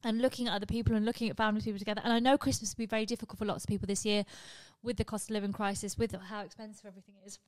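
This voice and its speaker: A woman's voice: medium pitch, level tone, rapid-fire, few pauses, no room sound. A woman hosting a podcast, telling frank, self-mocking stories full of swearing. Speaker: podcast host. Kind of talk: comic confessional storytelling.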